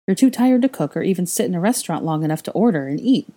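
A woman plays a stoic young wizard and father with a dry, matter-of-fact manner. The voice is low and husky, read plainly in a storybook fan-fiction reading. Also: lively intonation, quick pace, dark tone.

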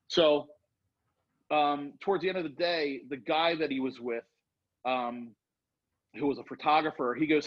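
Middle-aged male storyteller, husky, rambling and animated, muffled lo-fi audio. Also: a little high, moderate pace. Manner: rambling, animated, acts out quotes. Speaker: storyteller guest. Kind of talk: casual storytelling. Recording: dull lo-fi sound.

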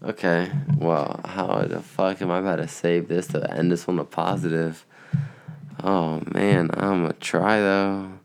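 A man's voice: low voice, fairly even intonation, measured pace, vocal fry, smooth. A young man in casual, rambling vlog chat, laid-back and profane, sounding tired. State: tired, yawning. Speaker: vlogger.

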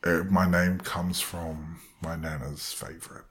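Slow, low-voiced man telling a story. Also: little pitch movement, a bit bright. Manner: wandering, self-deprecating, acts out quoted voices. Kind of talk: personal storytelling monologue.

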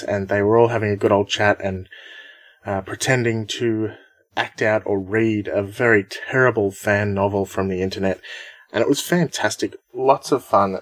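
A man's voice: lowish voice, no echo. A man hosting a podcast in casual chat, upbeat and chatty, laughing often. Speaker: podcast host.

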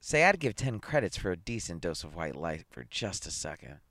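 A man's voice: low voice, very animated, normal speed, bright, forceful tone, dry recording, full character voice. A man doing a wry newspaper columnist. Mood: curious.

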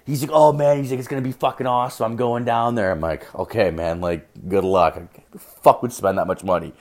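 A man's voice: mid-range voice, fairly even intonation, fairly quick, a little mellow. A young man from Canada hosting a podcast, telling a story in a rowdy, profane way and acting out both sides of the conversation. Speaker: podcast host. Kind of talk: casual storytelling monologue.

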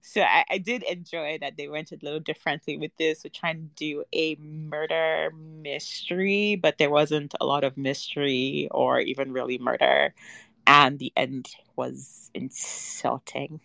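A woman's voice: low voice, fairly even intonation, a little slow, creaky, sharp tone, no room sound. A woman in a casual film-review chat, talking in a dry, unimpressed way with frequent ums. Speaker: podcast panelist.

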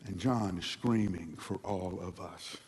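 A man preaching a sermon dramatically, moving between hushed passages and loud ones, in a large hall. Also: low-pitched, measured pace, slightly rough. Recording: long hall reverb.

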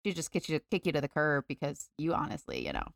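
A woman's voice: deep voice, huge pitch swings, quick pace, creaky, no room sound, studio quality. A woman co-hosting a podcast in casual chat, upbeat and chatty with many fillers. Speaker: podcast co-host.

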